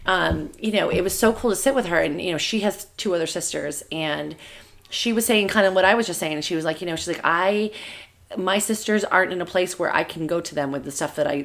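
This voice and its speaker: A woman in her thirties talks quickly in a relaxed podcast chat, her voice sitting a little low. She strings thoughts together with fillers and breaks into laughter while telling stories. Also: gravelly. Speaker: podcast co-host. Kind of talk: casual chat.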